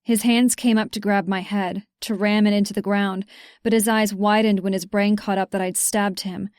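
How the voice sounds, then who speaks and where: A woman's voice: medium pitch, little pitch movement, moderate pace, darkish tone, no room sound, clean studio sound. A woman reading a first-person romance audiobook in a tense, urgent way. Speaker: audiobook narrator.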